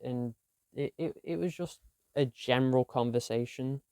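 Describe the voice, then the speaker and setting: A man's voice: medium pitch, normal speed, darkish tone, clear, resonant tone, dry recording, studio quality. A young man, chatting casually about his week in a rambling, self-deprecating diary vlog. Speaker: vlogger.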